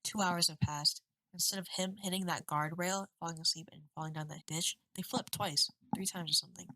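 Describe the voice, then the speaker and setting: Woman, 20s, low voice, bright tone, dry room, webcam vlog, rambling and candid. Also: steady tone, fairly quick, dry recording, low-quality recording. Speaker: vlogger.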